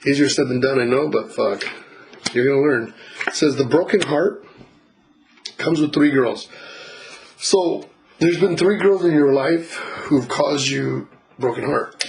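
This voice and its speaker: This is a casual reading from a spiritual reader who talks to his client bluntly, swears freely, laughs, and acts out other people's words. He speaks in a mid-range voice at a measured pace, pausing often, and the audio is poor.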